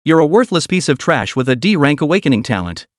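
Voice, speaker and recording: An arrogant rich young bully sneers out threats and insults with lively, swinging delivery, as a male narrator puts him on. The recording is dry and close. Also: on the high side, fast talker, dry recording. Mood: sneering. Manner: sneering, scornful.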